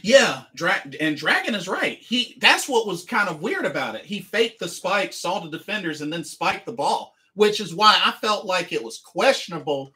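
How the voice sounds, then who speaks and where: A man's voice: sits high, sing-song, normal speed, hardly any pauses, bright, forceful tone. A man streaming a sports game recap, talking emphatically and repeating the same phrases again and again. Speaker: livestreamer and sports fan.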